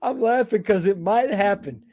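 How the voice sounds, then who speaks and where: A middle-aged man chats loosely through viewer comments, wandering off into childhood stories and poking fun at himself. His voice sits a touch high for a man. It is recorded close and dry, with no room sound. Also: normal speed, a little mellow, dry recording. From East Texas, USA. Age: 40s or 50s. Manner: rambling, self-deprecating, chuckling asides. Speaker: live stream host. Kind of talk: casual live chat reading comments.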